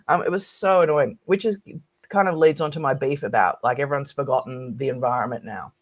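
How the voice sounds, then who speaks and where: A woman academic as a podcast guest, talking casually and ranting with animation. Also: deep voice. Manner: animated ranting, quick to mimic others.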